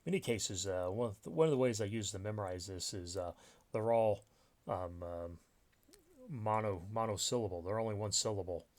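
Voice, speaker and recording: A man's voice: fairly low pitch, normal speed, a little mellow. A man teaching a recorded grammar lesson over slides, explaining step by step with many fillers and restarts. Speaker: writing instructor.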